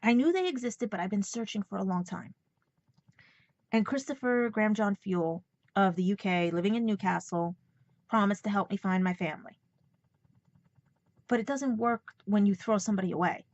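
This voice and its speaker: A woman with a New York accent speaks in a rambling, emotional personal vlog, fighting back tears as she talks. Her voice sits at a middle pitch. The recording is dull and lo-fi. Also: normal speed, a little mellow, dry recording. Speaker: vlogger.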